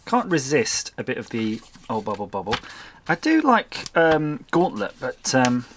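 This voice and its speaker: A man's voice: medium pitch, sing-song, unhurried, a bit bright, a little hiss or hum. A man hosting a crafting channel, chatting casually and mocking himself while he works, with muttered asides. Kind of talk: casual chat while making a collage.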